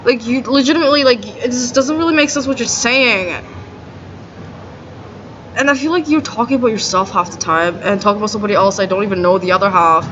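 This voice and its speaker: Woman, indignant rambling rant, lots of "like", fairly high voice, dull lo-fi audio. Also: quick pace, a bit bright. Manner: agitated and indignant, many "like" fillers. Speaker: vlogger. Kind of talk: rambling monologue to camera. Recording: dull lo-fi audio with faint noise.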